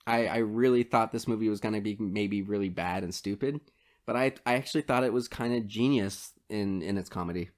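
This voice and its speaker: A man co-hosting a relaxed film podcast, walking through scenes he loved with plenty of laughter. His delivery is loose and chatty, an easygoing recap between friends. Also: fairly low pitch, a little fast. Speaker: podcast co-host. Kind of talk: casual movie review chat.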